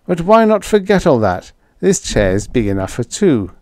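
A man's voice: a little high, very animated, normal speed, a little mellow, dry recording, clean studio sound, voice pushed up. A man voicing a glib young TV producer who talks in an airy, wisecracking way. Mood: breezy.

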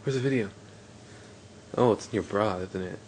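A man's voice: lowish voice, normal speed. Teenage guy joking on a noisy home video. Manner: joking, mocking banter. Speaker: video maker filming friends. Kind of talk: casual teasing chat.

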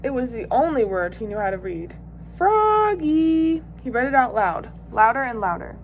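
A woman volunteer reading a children's picture book aloud with expressive, lively storytelling. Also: medium pitch, fairly quick, dull audio, a little hiss or hum. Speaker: volunteer reader.

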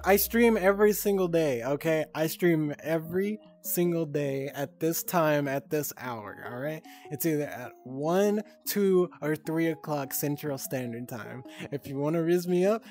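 A woman's voice: low-pitched, darkish tone. A woman streamer reading out chat messages in casual talk, giggling, flustered and swearing a lot, often stuttering.

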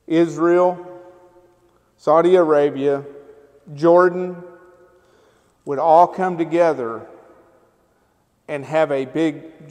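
High-voiced preacher in a reverberant church. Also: male voice. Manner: conversational, keeps asking the congregation "right?" and "amen?". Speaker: pastor. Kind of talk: sermon. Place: church sanctuary. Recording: long church hall reverb.

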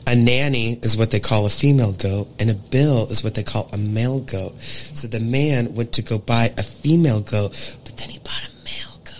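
A man's voice: mid-range voice, normal speed, a little hiss or hum. A drag performer guesting on a podcast, a man who talks in a rambling, campy, joking way. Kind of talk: casual chat.

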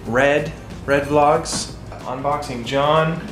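A man's voice: on the high side, steady tone, drawn-out words. A man co-hosting a casual home vlog, chatty and upbeat, talking straight to his viewers from the kitchen. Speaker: vlog co-host. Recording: roomy home recording with background music.

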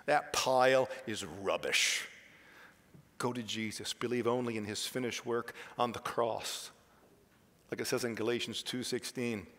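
Impassioned preacher in a reverberant hall. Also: male voice, medium pitch. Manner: impassioned, swings from hushed to loud. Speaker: pastor. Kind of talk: sermon. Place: church sanctuary.

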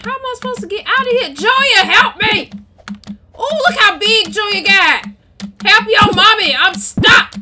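A woman co-hosting a home gaming video, talking loudly and excitably into a headset. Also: normal speed. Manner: loud, high yelling, excitable. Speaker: gaming channel co-host. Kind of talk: casual gameplay commentary. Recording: keyboard clicks and typing noise.

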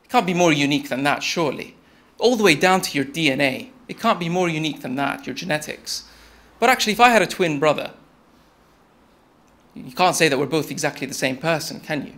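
High-voiced young man giving a talk. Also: lively intonation, brisk, fairly bright tone. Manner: conversational storytelling, addressing the audience as "you". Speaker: speaker. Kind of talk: TED-style talk.

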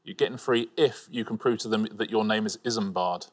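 A man's voice: fairly low pitch, brisk, background noise. Man giving dry trivia asides. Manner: dry, joking asides with facts. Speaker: quiz show co-host. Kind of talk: trivia commentary and banter. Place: TV studio.

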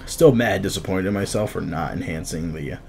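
A young man giving live commentary over his fighting-game matches, casual and self-critical, muttering under his breath and then yelling out at big moments. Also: low voice, fairly quick, vocal fry, faint music behind. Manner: reactive, swings from muttering to sudden shouts. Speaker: gameplay commentator.

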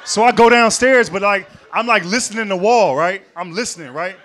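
Guy doing standup at a comedy club, slangy storyteller, high bright voice, faint crowd behind. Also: a little fast, slight background noise. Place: comedy club stage before a live audience.

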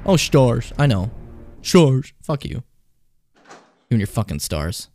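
A man's voice: mid-range voice, sing-song, takes it slowly, dark tone. A young man playing a horror game on stream, chatting casually, swearing a lot and taunting the enemy. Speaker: let's play streamer.

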